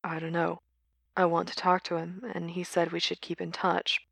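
A woman voicing a tired young man on the phone who talks softly and quietly, in a storybook reading. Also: sits low, flat delivery, moderate pace, gravelly, dry recording. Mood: sleepy.

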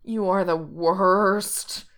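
A woman's voice: fairly low pitch, moderate pace, natural voice. A woman voicing a flustered, nerdy young man who pleads and yelps when teased. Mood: sulky. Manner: panicky, pleading, yelping.

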